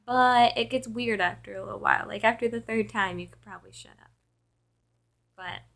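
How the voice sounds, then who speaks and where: A woman's voice: mid-range voice, a bit bright. A tired young woman who works at a call center, chatting casually in a vlog and filling her talk with "like.".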